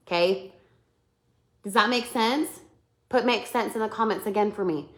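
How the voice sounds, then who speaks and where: A woman runs a live sales-team webinar, animatedly acting out example messages and frequently making sure her audience keeps up. She speaks at normal speed with medium pitch, and the audio echoes roomily.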